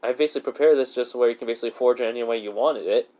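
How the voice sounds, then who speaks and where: A man's voice: mid-range voice, racing, warm tone, lightly acted. A man voicing a woman blacksmith goddess who mentors and praises her apprentice. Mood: praising.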